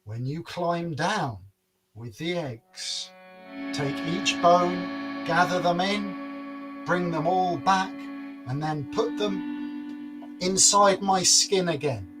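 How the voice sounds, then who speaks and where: A man's voice: high-pitched, drawn-out words, over music, pitched above the performer's own voice. A man voicing a firm young giant's daughter. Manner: firm, instructive. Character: young woman, calm and commanding giant's daughter.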